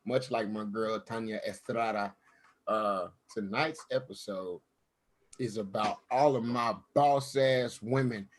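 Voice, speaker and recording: A man's voice: lowish voice, slow. A man hosting a casual online talk show over a video call, loose, joking and slangy. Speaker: host. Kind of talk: casual chat.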